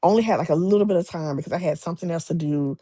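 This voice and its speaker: Woman novelist guest, animated storyteller, husky tone, dry recording. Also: fairly low pitch, very fast, dry recording. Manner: animated, acts out quoted voices, many restarts. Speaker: romance author guest. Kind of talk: casual interview storytelling.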